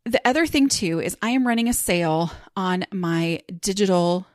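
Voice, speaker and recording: A woman hosts a podcast, chatting casually and rambling with lots of fillers. Her fairly low voice is animated and a little mellow at a moderate pace, in a dry, clean studio recording.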